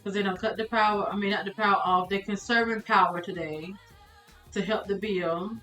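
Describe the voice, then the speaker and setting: A woman's voice: medium pitch, steady tone, fairly quick, bright, forceful tone, reverberant, soft background music, low-quality recording. A woman streamer commentating a life-sim game live, exasperated and laughing as she talks to her chat.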